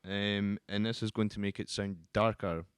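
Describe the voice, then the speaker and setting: A man who works as a guitar teacher, explaining the instrument in a relaxed, casual way with frequent ums and restarts. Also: on the low side, moderate pace, clear, resonant tone, no room sound.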